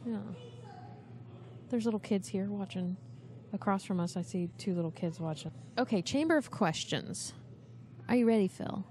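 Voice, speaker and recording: A mellow, medium-pitched woman hosts a podcast movie quiz from a couch amid a busy venue, speaking at a moderate pace with frequent pauses. She keeps the chat casual and laughs readily.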